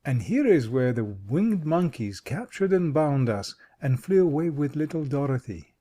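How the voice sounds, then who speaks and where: Storybook scarecrow king, male, wise and reflective, mellow warm tone, read by a man. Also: on the high side, very animated, measured pace. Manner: thoughtful, reflective, fatherly. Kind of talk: audiobook character voice.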